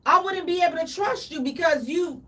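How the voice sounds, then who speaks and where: A woman co-hosting a casual radio talk show, animated and dramatic, with playful exaggeration. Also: very high-pitched, brisk, far from the mic.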